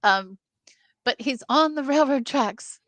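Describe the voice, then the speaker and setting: A woman co-hosting a casual film discussion, animated and jumping into movie lines. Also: normal speed, no echo. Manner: animated, acts out movie lines with sudden pitch jumps. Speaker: film review co-host.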